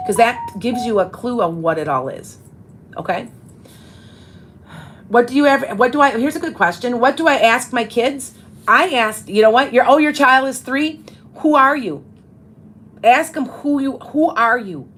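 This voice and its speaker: A woman's voice: on the high side, fairly bright tone, a little hiss or hum, low-quality recording. A woman in her fifties, a psychic medium hosting a casual live show, talking in a rambling way with many restarts. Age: 50s. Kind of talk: casual live-stream chat.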